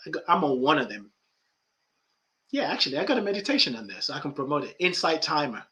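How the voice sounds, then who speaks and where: A man with a sharp, mid-range voice hosts a spiritual coaching podcast as a life coach. He speaks emphatically, repeating key phrases and tossing in playful asides.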